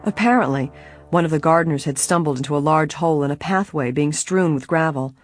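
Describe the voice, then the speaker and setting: A woman narrating an audiobook in a measured, clear storytelling manner. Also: sits low, faint music behind.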